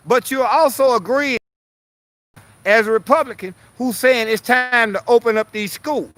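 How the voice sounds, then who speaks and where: A man's voice: very high voice, lively intonation, a little slow, fairly bright tone, no echo. A man ranting bluntly and profanely as a political commentary vlogger, repeating himself to press his point.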